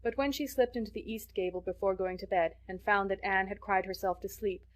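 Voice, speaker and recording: Woman reading an old novel audiobook, steady, expressive, medium voice. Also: mid-range voice. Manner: measured, expressive storytelling. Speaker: audiobook narrator. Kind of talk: scripted narration.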